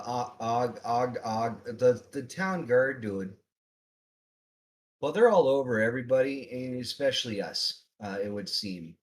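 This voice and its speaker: A man playing in a tabletop game, speaking in character in a polite, formal, hesitant way. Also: on the low side. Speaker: player. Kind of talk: in-character roleplay.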